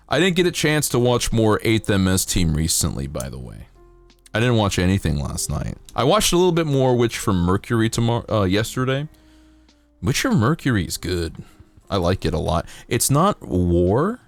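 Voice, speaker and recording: A man chatting on a livestream as he builds a model kit, rambling from one joke to the next and jumping into silly voices. His pitch moves a lot from line to line, and his throat sounds dry. Faint music plays under him. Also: very animated, normal speed, gravelly. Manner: rambling, jokey, bursts into silly high voices and singing. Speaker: streamer.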